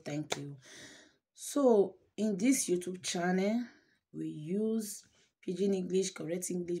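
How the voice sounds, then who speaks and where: A woman with a Nigerian accent tells a story to her channel viewers. Her voice is low and mellow, with a husky grain, and she talks with feeling, repeating words to drive a point home. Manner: emotive, repeats words for emphasis, mixes Pidgin and English. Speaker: channel host. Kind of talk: casual storytelling vlog.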